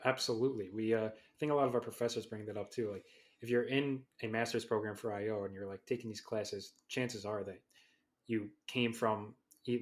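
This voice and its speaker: A young man co-hosting a podcast, asking questions in a casual, curious way with hesitant restarts. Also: on the low side. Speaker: podcast co-host, graduate student. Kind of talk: casual interview conversation.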